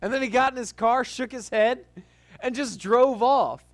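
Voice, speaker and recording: A man speaking as a pastor, telling a story in a relaxed, conversational sermon style with frequent restarts. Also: very high-pitched, moderate pace. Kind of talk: casual sermon-style talk.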